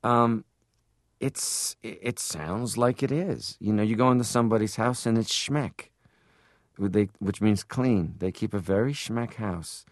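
A man from Canada, a comedian guest, talking casually and at length in an interview, animated, stopping to laugh. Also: lowish voice, normal speed, no echo, clean studio sound. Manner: rambling, animated, stops to laugh.

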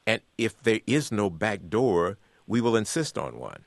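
An author appearing as a guest speaks earnestly in a radio interview, his fairly low voice sing-song and unhurried. The recording is close and dry with no room sound, and he circles back and repeats words as he builds his argument.

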